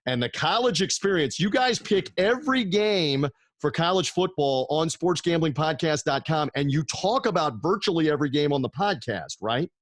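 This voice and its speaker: A man's voice: a little high, lively intonation, moderate pace, hardly any pauses, no room sound, studio quality. A man hosting a sports talk podcast over a video call, upbeat and busy plugging his guests' shows. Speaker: podcast host.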